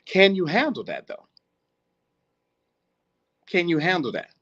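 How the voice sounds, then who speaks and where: Podcast host, male: high voice that jumps all over, preachy and profane, dull lo-fi audio. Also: slow pace, slightly rough. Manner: animated, swearing, laughs often, preachy. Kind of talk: casual monologue.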